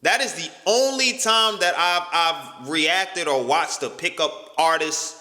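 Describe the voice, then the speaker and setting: A man's voice: high-pitched, a little slow, bright, forceful tone. A young man reacting to a critic's video in casual commentary, exasperated and incredulous, swearing often. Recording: echoey room with long reverb.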